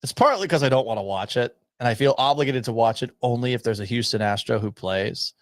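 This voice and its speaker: A man's voice: animated, fast, no room sound. Man with sore throat hosting sports radio. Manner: speaking low and subdued, dry humor. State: sore throat, swollen tonsils. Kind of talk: sports talk radio monologue. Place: radio studio.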